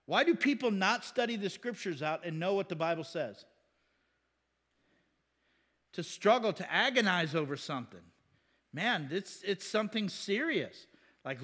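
Pastor guy talking scripture, kinda high voice, chatty, keeps asking questions and laughing. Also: expressive, normal speed, a bit bright. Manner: conversational, rhetorical questions, chuckles. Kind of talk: casual Bible teaching.

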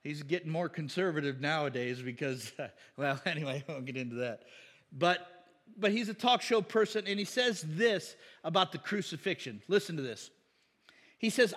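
Chatty preacher in a reverberant hall. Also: male voice, high-pitched, animated, normal speed, fairly bright tone. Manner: conversational, joking preaching with asides and chuckles. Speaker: pastor. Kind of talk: sermon.

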